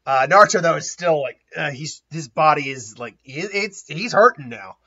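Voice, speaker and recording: A man's voice: fairly high pitch, expressive, normal speed, pushed and bright, slightly rough. A man casually retelling a story, rambling, laughing often and restarting his sentences. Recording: dull lo-fi recording.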